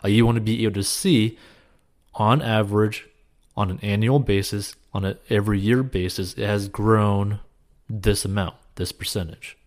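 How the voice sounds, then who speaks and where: A man's voice: lowish voice, fairly even intonation, moderate pace, a little mellow. A man answering a viewer's question with casual, earnest money advice, encouraging and peppered with "like" and "you know.". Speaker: personal finance advice host.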